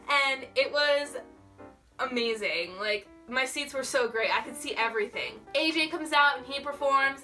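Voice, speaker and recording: A young woman vlogger telling a story in a gushing, excitable way, full of "like". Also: high voice, recorded from a distance. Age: young adult. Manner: gushing, excitable, heavy use of "like". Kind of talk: casual storytelling.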